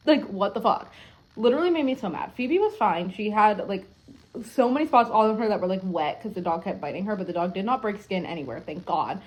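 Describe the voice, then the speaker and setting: A young adult woman vlogging at home, telling a story in a rambling, animated way, full of filler words and frequent swearing. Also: mid-range voice, brisk. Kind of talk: casual storytelling to camera.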